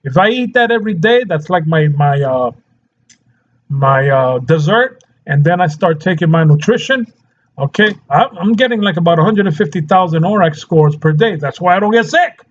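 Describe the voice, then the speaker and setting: A man's voice: fairly high pitch, animated, normal speed, highs cut off. A man talking casually as a nutrition coach, chatty, laughing often and checking in with his listeners as he goes. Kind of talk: casual health talk to camera.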